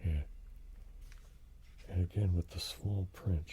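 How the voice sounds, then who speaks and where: An older man hosting a soft-spoken ASMR show and tell, slipping into whispers and rambling with tag questions. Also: low voice, steady tone, takes it slowly, slight background noise. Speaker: ASMR host.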